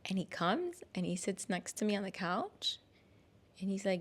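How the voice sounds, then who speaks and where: A woman in her thirties, a podcast co-host, telling a personal story in a casual, animated way and acting out the people she quotes. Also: medium pitch, normal speed. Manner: animated, acts out quoted voices.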